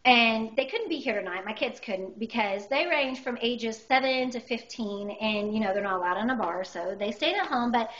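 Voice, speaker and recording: High, bright woman doing stand-up. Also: normal speed, hardly any pauses. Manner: animated, exaggerated storytelling. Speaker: stand-up comedian. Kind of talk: stand-up comedy routine. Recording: dull lo-fi recording.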